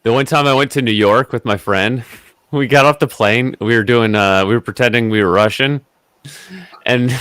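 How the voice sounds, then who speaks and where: A man with a lowish, smooth voice chats casually, telling a rambling story full of restarts. The sound is close and dry. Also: a bit bright, no echo. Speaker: guest in a livestream hangout. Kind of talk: casual chat.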